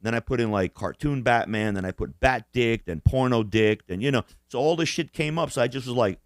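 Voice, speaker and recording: A man's voice: medium pitch, a little fast, no room sound, studio quality. A man co-hosting a casual podcast chat, profane and boastful, laughing often at his own stories. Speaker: podcast co-host.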